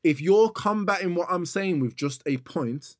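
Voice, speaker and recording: Young man, podcast co-host, insistent and repetitive, slightly high voice, dry close mic. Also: lively intonation, normal speed, no room sound. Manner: insistent, repeats himself, talks over his partner. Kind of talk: heated casual argument.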